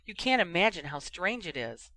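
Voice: medium pitch, very animated, moderate pace, bright, forceful tone, no room sound. A reader voicing Ginny, an earnest and blunt young woman who pleads directly. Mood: pleading.

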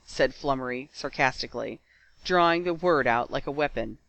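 A man narrating a fan fiction story aloud with steady, expressive storytelling. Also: medium pitch, moderate pace, gravelly, no room sound, poor audio. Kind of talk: fan fiction audiobook reading.

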